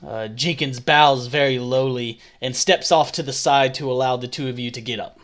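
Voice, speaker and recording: A man narrating as dungeon master in a halting, hesitant way. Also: medium pitch, fairly bright tone. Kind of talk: narrating a tabletop game.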